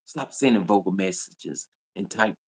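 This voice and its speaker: A man's voice: low-pitched, moderate pace, slightly rough. A man, scolding his audience in a repetitive, confrontational livestream rant. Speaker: livestream host. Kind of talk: ranting livestream monologue.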